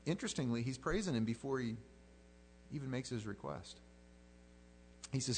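A man's voice: medium pitch, expressive, normal speed, pauses often, a little mellow, a little hiss or hum. A middle-aged male pastor giving a plain-spoken, conversational sermon and often acting out the voices he quotes.

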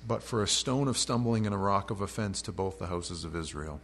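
A man whose voice sits low, a bit bright, expressive and a little fast, preaches an expository sermon as a pastor. He reads scripture aloud verse by verse and then puts it into casual, modern speech, and a faint mains hum can be heard.

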